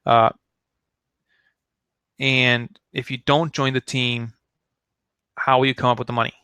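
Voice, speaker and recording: A man's voice: medium pitch, flat delivery, measured pace, bright, forceful tone, smooth, dry recording. A man giving a casual sales training talk, chatty and full of fillers, acting out sample phone lines. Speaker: network marketing trainer.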